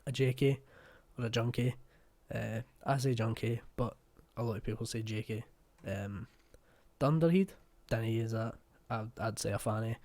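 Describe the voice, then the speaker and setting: A man's voice: mid-range voice, moderate pace, a little mellow. A man with a West of Scotland accent hosting a reaction video, talking casually, swearing bluntly and joking.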